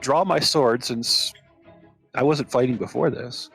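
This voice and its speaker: A man playing a tabletop game, talking in a relaxed, chatty way with fillers. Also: mid-range voice, measured pace, gravelly, slightly rough, faint music behind. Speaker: player. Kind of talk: casual tabletop play.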